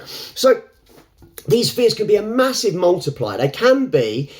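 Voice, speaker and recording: A man's voice: high-pitched, big pitch swings, a little slow. A man talking to camera in an unscripted, reflective way. He rambles, restarts often and laughs between thoughts. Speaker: self-help vlogger.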